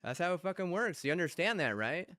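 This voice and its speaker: A young man ranting angrily and profanely while playing a game, with shouted bursts. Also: sits high, animated, fast, no room sound. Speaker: gamer. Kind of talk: angry gaming rant.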